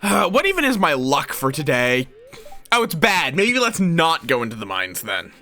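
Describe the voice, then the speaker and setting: A man's voice: a little high, wildly swooping pitch, moderate pace, sharp tone, faint music behind. A man casually commentating his gameplay on a live stream, swearing now and then and talking to his chat.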